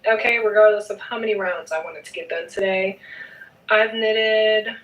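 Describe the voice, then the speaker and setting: A woman's voice: medium pitch, normal speed, a bit bright, echoey room, recorded from a distance, muffled recording. A woman chatting casually in a knitting vlog, playful and emphatic, often adding a teasing "okay?". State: sleepy at night. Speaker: knitting vlogger.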